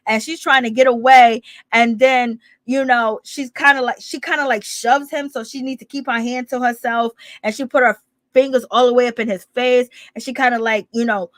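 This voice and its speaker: A woman hosts a casual gossip recap, talking in an animated, dramatic way with frequent laughs and exclamations. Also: a little high, moderate pace, no echo. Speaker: gossip show host.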